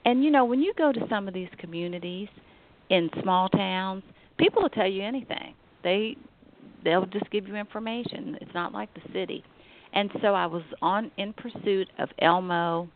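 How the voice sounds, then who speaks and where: A woman's voice: fairly low pitch, a little hiss or hum. A middle-aged woman telling a personal family story in a conversational way, acting out the people she quotes. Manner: warm, conversational, acts out quoted voices. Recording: tinny phone-like recording.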